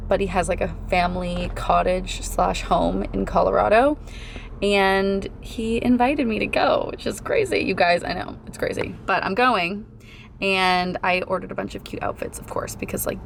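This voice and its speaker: Young woman, vlogger, casual chat, gushy, lots of "like", vocal fry, faint background hiss. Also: mid-range voice. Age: young adult. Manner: gushing, chatty, says "like" constantly. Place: home, then in a car.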